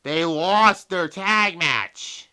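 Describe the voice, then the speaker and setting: A man's voice: a little high, lively intonation, extremely slow, sharp tone. A young man reviewing a wrestling show in a casual, exasperated rant full of swearing. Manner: profane, exasperated ranting.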